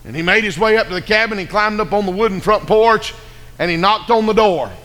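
High, bright preacher in a hall. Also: male voice, a little fast, slight background noise. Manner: folksy storytelling, calls for amens. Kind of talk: sermon. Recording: echoey hall reverb.

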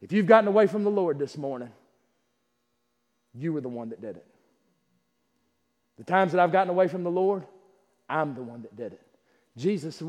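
A man preaching a sermon, who swings from loud climaxes to quiet asides and laughs while telling stories. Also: fairly high pitch, expressive, a little fast, pauses often. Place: church sanctuary. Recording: long hall reverb.

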